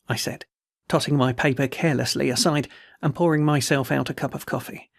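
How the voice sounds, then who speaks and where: A man reading a classic story aloud as an audiobook narrator, in a measured, literary manner. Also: medium pitch, steady tone, gravelly, dry recording, clean studio sound.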